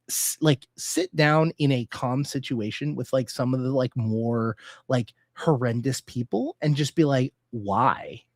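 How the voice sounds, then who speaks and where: A man's voice: mid-range voice, dry recording, studio quality. A man chatting casually as a podcast cast member, rambling with many restarts. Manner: rambling, many restarts and fillers, lively storytelling. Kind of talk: casual chat.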